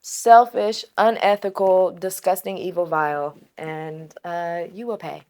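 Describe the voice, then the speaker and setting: A young adult woman co-hosting a podcast, telling stories in casual chat, blunt and animated, swearing freely. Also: fairly low pitch, measured pace. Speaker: podcast co-host.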